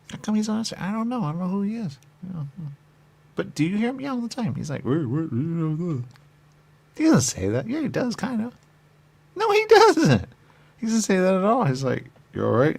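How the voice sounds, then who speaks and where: A man's voice: sits high, huge pitch swings, brisk, gravelly, a little mellow, breathy edge. A man trading absurd, playful comedy banter, with some whispered asides.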